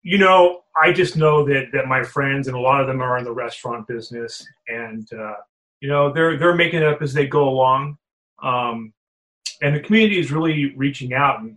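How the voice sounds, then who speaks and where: Laid back guy on a video call podcast, mid pitch voice. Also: a bit bright, poor audio. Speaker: podcast guest, community volunteer. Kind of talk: casual chat.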